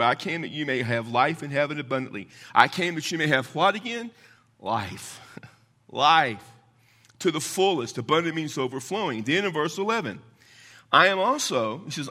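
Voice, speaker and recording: A man preaching a sermon as a pastor, emphatic and quick with asides, asking his listeners questions and answering them himself. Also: fairly high pitch, expressive. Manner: emphatic, call-and-response questions; rapid asides, voice swings from loud to hushed.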